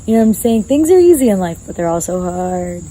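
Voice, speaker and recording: A woman's voice: on the low side, big pitch swings, fast, mellow, slight background noise, rough recording. A woman guest talking passionately in a casual outdoor conversation, acting out her own inner voices and swearing freely. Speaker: podcast guest. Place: outdoors in a gazebo.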